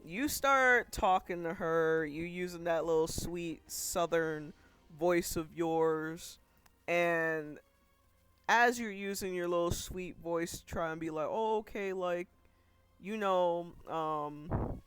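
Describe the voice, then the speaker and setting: A man's voice: fairly high pitch, slow pace, a bit bright, clean tone, no room sound. A man narrating as game master of a tabletop role-playing game in a loose, chatty way. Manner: loose, conversational narration with fillers.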